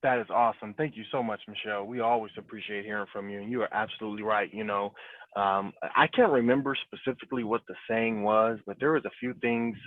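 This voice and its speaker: A man's voice: lowish voice, fairly even intonation, fast, no echo. A man hosting a group call, talking in an encouraging, rambling way with many restarts. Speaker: call host. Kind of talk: casual group call talk. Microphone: cell phone. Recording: tinny phone-line audio.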